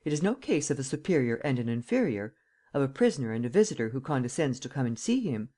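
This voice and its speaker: A man's voice: medium pitch, big pitch swings, fast talker, dark tone. A man reading the part of a proud, ironic master thief in his prison cell, with a formal, coolly mocking manner.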